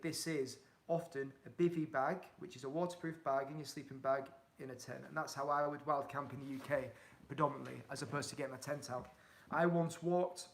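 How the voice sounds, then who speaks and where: Casting: young yorkshire guy, hull accent, a bit high-voiced with some fry, friendly livestream chatter. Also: a bit bright. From England. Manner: chatty, reads out viewer comments, upbeat and encouraging. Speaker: touring cyclist answering live chat. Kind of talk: casual livestream chat.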